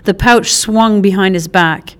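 A woman narrating an audiobook in a measured, expressive way. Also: mid-range voice, clean tone. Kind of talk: scripted narration.

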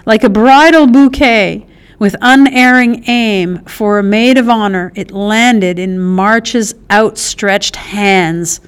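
A woman narrating an audiobook in a measured, expressive way. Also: mid-range voice, clear, resonant tone. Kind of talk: scripted narration.

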